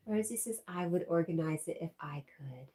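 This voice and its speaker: Low-voiced woman chatting on a livestream. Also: dark tone. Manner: giggly, reads out chat messages. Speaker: livestream host. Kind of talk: casual livestream chat reading viewer comments.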